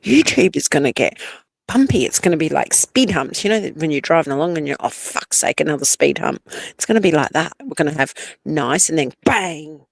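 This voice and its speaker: A woman's voice: deep voice, animated, brisk, creaky, dry recording, studio quality. A woman co-hosting a livestream, chatting casually with lots of laughs and rambling asides. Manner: giggly, rambling, slangy. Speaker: livestream co-host. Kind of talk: casual chat.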